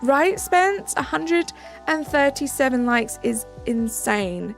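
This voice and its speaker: A gravelly British woman with a high pitch and lively intonation hosts a live stream at a slow pace. Amid faint background music she chats casually, reads and answers viewers' messages, and thanks her audience.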